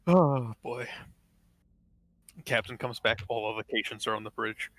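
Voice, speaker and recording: Bright-voiced man chatting over a game. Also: medium pitch, fairly even intonation, measured pace, poor audio. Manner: chatty, laughs often, plays a commanding officer. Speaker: tabletop game player. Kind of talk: casual game chat.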